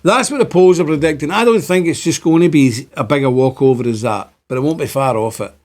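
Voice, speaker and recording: Northern irish guy in his 50s ranting to camera, fairly high voice, keeps repeating himself and building up. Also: fairly quick, darkish tone. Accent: Ulster Scots-tinged Northern Irish. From Northern Ireland. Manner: impassioned, repetitive, rising to exclaim. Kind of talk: monologue to camera.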